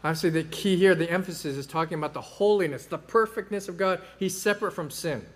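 Conversational preacher, fairly high male voice. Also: quick pace, fairly bright tone. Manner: conversational, with many fillers and rising emphasis. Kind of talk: sermon.

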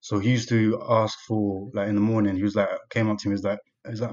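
A man's voice: fairly low pitch, level tone, quick pace, few pauses, a little mellow, highs cut off. A young man, chatting casually in slang. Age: young adult. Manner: laid-back, London slang. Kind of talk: casual chat.

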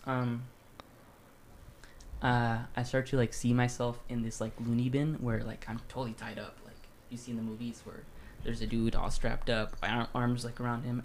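A young man co-hosting a podcast casually tells a long story in his mid-range voice. His storytelling is loose and profane, full of swearing and "like." There's slight background noise.

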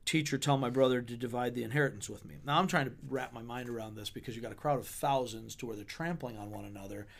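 A man who is a pastor, talking through a Bible passage in a relaxed podcast chat and reading verses aloud with playful paraphrase. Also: mid-range voice, fast, gravelly, hardly any pauses. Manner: conversational, reads scripture with playful paraphrase. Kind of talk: podcast sermon discussion.

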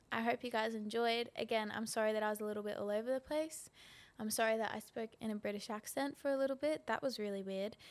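A woman's voice: a little high, a bit bright. A young woman hosting a faith podcast, talking earnestly and casually with fillers, then leading a prayer. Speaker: podcast host.

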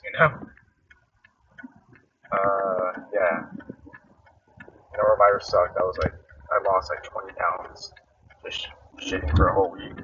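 Young male comic, low-ish bright voice, rambling anecdote, dull far-off mic with faint hiss. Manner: rambling, laid-back, full of likes and uhs. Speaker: stand-up comic and podcast host. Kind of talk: casual storytelling monologue.

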